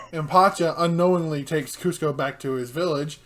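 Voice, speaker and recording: A young man co-hosting a casual film review chat, giggly and excitable, with many fillers. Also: on the high side. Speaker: co-host.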